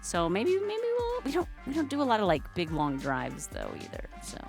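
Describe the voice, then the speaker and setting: A woman's voice: lowish voice, wildly swooping pitch, brisk, gravelly, over music. A woman hosting her livestream in chatty, rambling casual talk, greeting viewers. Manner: chatty, rambling, trails off and restarts. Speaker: streamer host.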